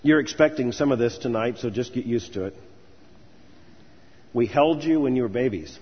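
A man's voice: mid-range voice, moderate pace, breathy edge. A man preaching an earnest commencement sermon, telling stories and building to emphatic lists. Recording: dull sound with long hall reverb.

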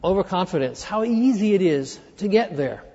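A man preaching a sermon, earnestly walking through a scripture passage and dropping quieter when he quotes it. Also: high-pitched, lively intonation, normal speed, breathy edge. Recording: dull reverberant hall sound.

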